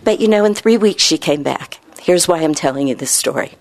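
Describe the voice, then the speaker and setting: A woman internist telling a story from her practice, acting out the dialogue with lively quoting. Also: low voice, fairly quick. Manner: animated, acts out quoted dialogue. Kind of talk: storytelling talk.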